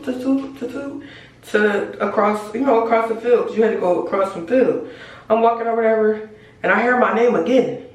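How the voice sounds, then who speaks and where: A woman tells a storytime straight to camera, loose and animated, full of slang and cussing. She talks from some distance away from the microphone, and the room around her rings with heavy echo. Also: fairly high pitch. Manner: animated, slangy and profane, addresses viewers as y'all. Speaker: storytime vlogger. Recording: very echoey room, voice away from mic.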